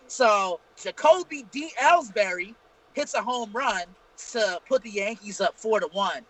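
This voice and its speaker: High bright-voiced man telling stories. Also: expressive, normal speed, rough recording. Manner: profane, rambling anecdotes. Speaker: podcast co-host. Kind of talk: casual storytelling chat.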